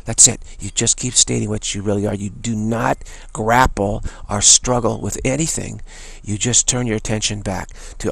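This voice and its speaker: A man giving an earnest spiritual teaching talk, repeating phrases and softly chanting a mantra. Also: fairly low pitch, steady tone, moderate pace, creaky, few pauses, no echo.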